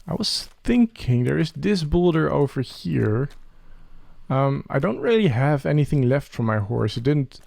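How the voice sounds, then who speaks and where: A man hosting a role-played Minecraft let's play, talking softly and earnestly to a creature in the game. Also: fairly high pitch, sing-song, a little slow, vocal fry, no echo.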